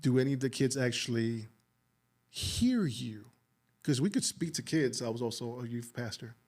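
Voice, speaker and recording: Soft-spoken male interviewer. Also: mid-range voice, animated, normal speed. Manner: soft-spoken, reassuring, brief prompts. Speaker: podcast host, interviewer. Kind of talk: gentle interview questions.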